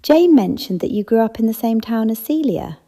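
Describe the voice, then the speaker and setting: A woman's voice: fairly high pitch, lively intonation, a little fast, dark tone, pitched above the performer's own voice. A woman voicing a polite, curious young woman sleuth who asks tentative questions in an audiobook. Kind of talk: audiobook character voice.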